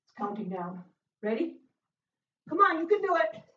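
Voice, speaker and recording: High-voiced woman cheering on a workout. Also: very animated, moderate pace, pushed and bright. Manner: upbeat, encouraging, frequent whoops. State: out of breath. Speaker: fitness instructor. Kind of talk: workout coaching. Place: home workout room. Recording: echoey room, far from mic, dull sound.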